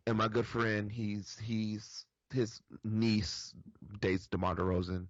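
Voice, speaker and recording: A man's voice: lowish voice, slow pace, dry recording. A man co-hosting a casual talk show, telling a story at an easy pace. His voice is dry, with no room sound, and slightly muffled. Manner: relaxed storytelling. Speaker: podcast co-host. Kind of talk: casual chat.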